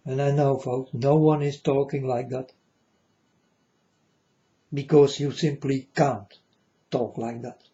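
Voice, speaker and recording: Slow, earnest man in a lo-fi recording. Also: mid-range voice, steady tone, warm tone. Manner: earnest, repetitive, halting non-native phrasing. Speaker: vlogger addressing viewers. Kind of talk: rambling monologue to viewers.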